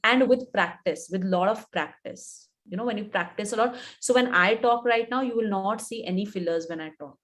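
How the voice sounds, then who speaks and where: A woman's voice: mid-range voice, moderate pace, few pauses, a bit bright. Indian woman coaching in a live webinar. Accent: Indian English. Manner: instructive, repeats points for emphasis. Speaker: image coach answering live questions.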